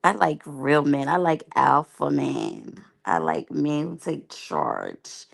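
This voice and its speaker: A woman's voice: sits low, sing-song, slow pace, vocal fry. A woman giving candid, rambling, slangy commentary as a reality TV reviewer. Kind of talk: casual unscripted commentary.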